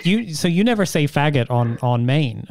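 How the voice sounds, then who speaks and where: A man's voice: fairly high pitch, animated, moderate pace, vocal fry, darkish tone, no room sound, clean studio sound. Teasing male podcast host. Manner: teasing, crude banter. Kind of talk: casual podcast chat.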